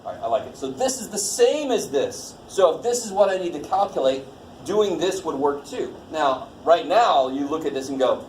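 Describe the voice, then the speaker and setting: A man's voice: fairly high pitch, sing-song, moderate pace, a little mellow. A man teaching a college math class in a casual, jokey way, swearing lightly and quizzing the students as he goes. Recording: echoey classroom with faint noise.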